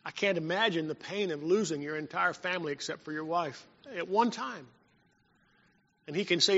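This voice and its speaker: A man preaching a sermon as pastor, telling stories and swinging between loud and hushed. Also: a little high, normal speed. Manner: storytelling preacher, rising and dropping in volume. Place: church sanctuary. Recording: dull sound in a long-reverb hall.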